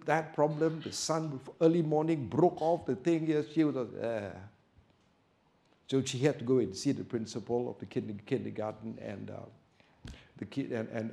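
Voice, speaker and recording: A male preacher telling a story in a sermon, going from soft, quiet storytelling to loud, emphatic preaching. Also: mid-range voice, creaky.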